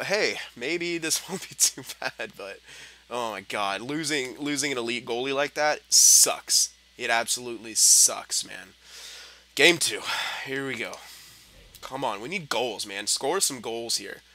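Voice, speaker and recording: A young man giving gameplay commentary, frustrated and swearing, muttering low and then yelling at the game. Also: animated, measured pace. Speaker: gaming commentator.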